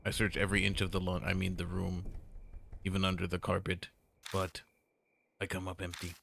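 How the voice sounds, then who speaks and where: Brief: male streamer, deep voice, playful read-through of a visual novel. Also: completely flat delivery, fairly quick, vocal fry, a bit bright, a little hiss or hum. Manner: jokey, playful asides. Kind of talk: reading a horror visual novel aloud. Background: game music.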